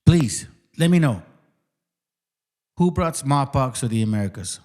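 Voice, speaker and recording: A man's voice: medium pitch, expressive, unhurried, mellow. A man hosting his channel, delivering a combative, profane and mocking livestream rant. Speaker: channel host.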